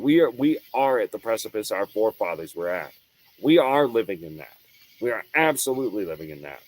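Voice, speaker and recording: An adult man delivers an unscripted monologue on his own show in a mid-pitched voice. He talks in a heated, profane rush, stumbling over restarts and then slamming down hard on key words. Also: rough recording. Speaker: show host.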